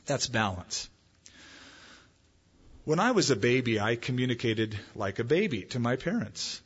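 A man preaching a sermon as pastor, in a conversational style with lively emphasis. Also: medium pitch, unhurried, breathy edge. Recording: muffled, echoey hall.

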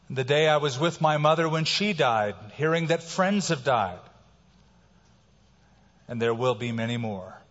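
A man preaching a sermon as a pastor, who swings between quiet, slow passages and loud, emphatic lines. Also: mid-range voice. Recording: reverberant hall, dull sound.

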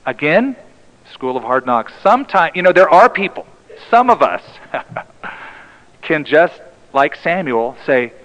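Male pastor, sermon, emphatic delivery with hushed drops, slightly high voice, muffled lo-fi recording. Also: very animated, slow pace, pauses often. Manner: emphatic preaching, dropping to a hushed tone for key lines.

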